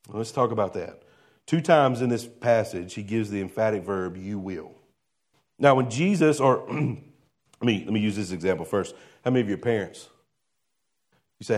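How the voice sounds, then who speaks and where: Speaking at a moderate pace, this male pastor gives an animated sermon in an easy, conversational manner. He poses rhetorical questions to his congregation and lowers his voice to a soft hush on important phrases.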